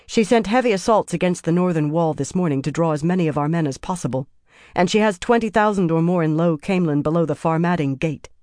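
Calm woman commander giving a steady battle report in an audiobook, read near the narrator's own voice. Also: medium pitch, quick pace, no room sound, studio quality, close to an everyday voice. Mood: matter-of-fact. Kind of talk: audiobook character voice.

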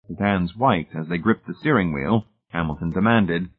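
A man narrates an audiobook in a steady, measured way. His voice sits low and slightly husky. The recording is narrow and phone-like. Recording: tinny phone-like sound.

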